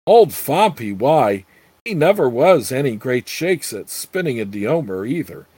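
A man's voice: medium pitch, sing-song, unhurried, warm tone, breathy edge, no room sound. A man voicing a crude, scheming old female witch with brash, earthy talk. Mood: scornful.

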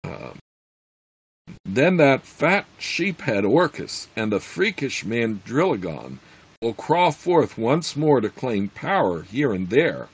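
A man reading a fantasy story aloud, slowly, with some slips and fillers. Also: medium pitch, very animated, husky, low-quality recording. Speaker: reader.

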